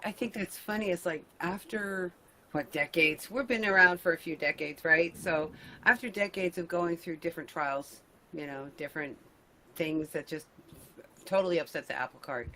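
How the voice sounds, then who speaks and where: A middle-aged woman hosting a casual video-call chat, animated and laughing, with mock-exasperated asides. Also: on the low side, moderate pace, a little hiss or hum, poor audio. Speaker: host.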